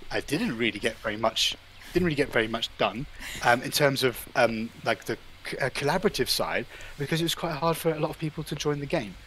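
Halting, thoughtful man giving a casual talk. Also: mid-range voice, fairly bright tone, slight background noise, poor audio. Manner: halting, thinking aloud with many filler sounds. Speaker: invited presenter at an online art event. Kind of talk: informal live talk.

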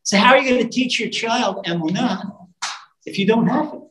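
A man, a rabbi, telling a story in a live sermon with animated delivery, singing snatches of old songs and building to fervent emphasis. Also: very high-pitched, moderate pace, a little hiss or hum. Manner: animated storytelling with sung lines and rising fervor. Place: live talk in a room. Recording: roomy live hall recording.

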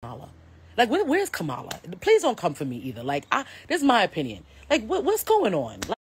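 A woman's voice: mid-range voice, huge pitch swings, a little fast, slight background noise. An American woman hosting a live stream, ranting bluntly to her viewers, swearing freely and calling them bro. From United States. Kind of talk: casual live-stream rant.

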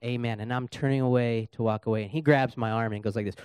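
A man's voice: mid-range voice, brisk, long pauses, smooth, no echo, clean studio sound. A young adult man preaching in a church as a guest speaker, telling a personal story and acting out the dialogue. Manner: animated storyteller, acts out dialogue. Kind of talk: sermon with storytelling. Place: church sanctuary.

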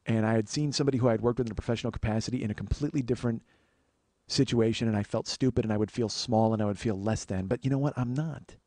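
A man's voice: very fast, warm tone, dry recording. A man hosting his own podcast, telling a personal story and speaking earnestly to his listeners, with plenty of swearing. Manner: profane, earnest, confessional; acts out quoted voices in a higher pitch. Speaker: podcast host. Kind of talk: solo storytelling monologue.

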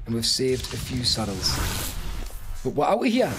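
A young man giving excitable, panicky live commentary on his gameplay and shouting orders to his creatures. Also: medium pitch, slow, husky. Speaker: gaming YouTuber. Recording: loud game music behind the voice.

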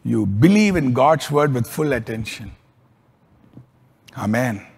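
A man preaching a sermon as a pastor, telling stories with lively swings in pitch and volume. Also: takes it slowly, vocal fry, slightly rough, big-room sound.

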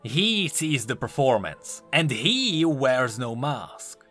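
A gloating, carrion-hungry vulture spirit, voiced by a male narrator speaks slowly and deliberately in a spoken ghost story. The voice swings up and down as he lingers on each phrase. Soft music runs underneath. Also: mid-range voice, sing-song.

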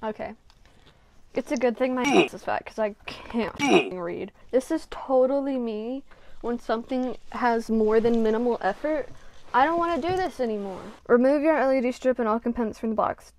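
A woman's voice: on the high side, moderate pace, darkish tone, a little hiss or hum. A woman vlogging casually from her bedroom as she works on a craft project. She mutters to herself, runs herself down and swears freely. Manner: self-deprecating, swearing, muttering to herself while working.

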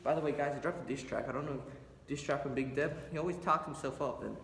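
Filming a casual vlog on his phone, a young man wanders his school's library and classrooms, joking, rambling and swearing a lot. His voice is medium-pitched, fast, creaky and a bit bright, and classmates can be heard chatting noisily behind him.

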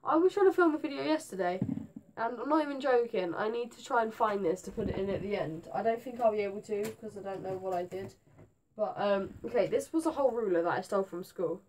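A teenage girl, rambling to camera in her bedroom; her voice is going hoarse, and she is scatterbrained and jumpy. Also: mid-range voice, lively intonation, quick pace, darkish tone, slight background noise. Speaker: gaming vlogger. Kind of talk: rambling casual vlog to camera.

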